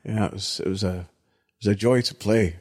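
An older man from Britain with a husky, somewhat low voice, recounting stories from his film work. He rambles as he goes and leans on "you know" to keep the thread. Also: moderate pace. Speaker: actor guest. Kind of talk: anecdotal storytelling.

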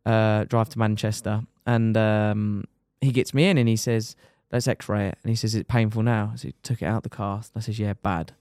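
A young man, a motorcycle racer telling his injury story on a podcast in lively, casual talk, swearing and dropping "mate" often. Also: on the low side, moderate pace, hardly any pauses, smooth, dry recording.

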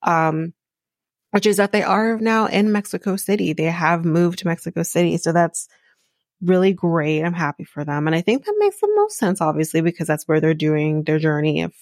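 A woman's voice: on the low side, flat delivery, normal speed, no room sound, clean studio sound. Blunt, profane woman podcast host. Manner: laughs often while talking. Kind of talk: casual reality-show recap.

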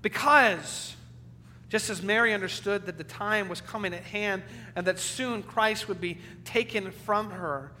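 A male pastor delivers an earnest sermon in a high, bright voice, moving from ringing emphasis to hushed low passages. The recording carries the long reverb of a church hall. A faint electrical hum sits underneath. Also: measured pace. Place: church sanctuary.

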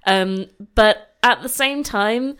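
A woman hosting a comedy podcast, chatting casually with quick, laughing asides. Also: on the high side, sharp tone, clear, resonant tone. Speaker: podcast host.

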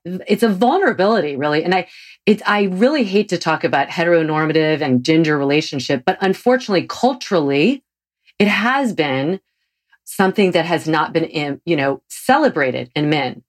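A woman in her forties hosting a casual interview, gushing and effusive, her pitch leaping up when she gets excited. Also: moderate pace. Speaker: podcast host.

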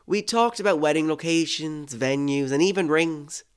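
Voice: mid-range voice, normal speed, smooth. Someone reading a first-person true story aloud, with sarcastic asides and swearing between passages. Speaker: story reader.

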